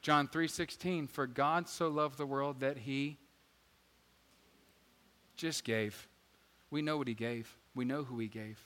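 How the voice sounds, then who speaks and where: A man preaching a sermon as pastor, energetic and joking, swinging between loud emphasis and quiet asides. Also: medium pitch, slow pace. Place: church sanctuary. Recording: church hall reverb with faint guitar.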